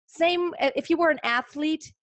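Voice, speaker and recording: A woman's voice: sits high, moderate pace, a bit bright, dry recording, lo-fi sound. A woman vocal coach giving a singing lesson in an earnest, instructive way, breaking off to sing examples. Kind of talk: singing lesson with sung demonstrations.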